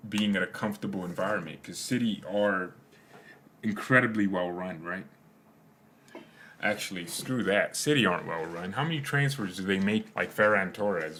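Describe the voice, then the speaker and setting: A man's voice: fairly low pitch, fairly bright tone, a little hiss or hum. Casting: young male channel host, casual and rambling, jokey asides to his viewers. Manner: rambling, joking, trails off into silly asides. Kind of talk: casual live chat with viewers.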